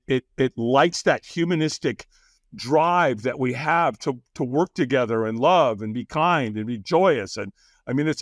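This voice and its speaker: A man telling stories as a guest on a podcast, animated and quick to laugh, often acting out what others said. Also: fairly high pitch, no room sound, clean studio sound. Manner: animated, acts out quoted voices, laughs often. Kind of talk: casual interview storytelling.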